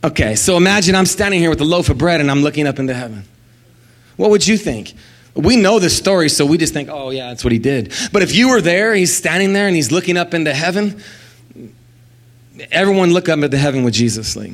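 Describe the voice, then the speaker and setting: A man preaching a sermon as pastor, animated and sing-song, leading the congregation in call-and-response. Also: fairly high pitch, fairly quick.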